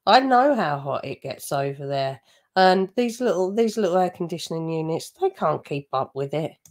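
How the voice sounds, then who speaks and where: A woman's voice: deep voice, animated, normal speed, a little mellow. A woman giving mocking, gossipy commentary over a video she is reacting to. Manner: sarcastic, gossipy asides.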